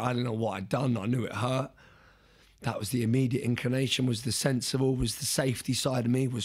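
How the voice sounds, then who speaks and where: Young guy on a podcast, kinda husky voice, earnest, keeps restarting his sentences. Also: medium pitch, fairly even intonation, fairly quick. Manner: earnest, restarting and repeating words. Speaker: podcast guest. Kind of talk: storytelling in conversation.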